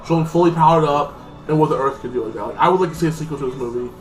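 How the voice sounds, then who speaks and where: A man with a slightly high voice races through a casual, meandering movie review. He leans on "like" throughout and acts out the characters as he goes. His voice is a little distant from the mic, with soft music in the background.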